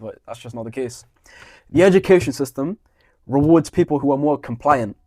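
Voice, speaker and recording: Fast-talking young man ranting. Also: a little high, darkish tone, dry recording, clean studio sound. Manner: profane, heated, blunt. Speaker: vlogger. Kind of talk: ranting storytime monologue.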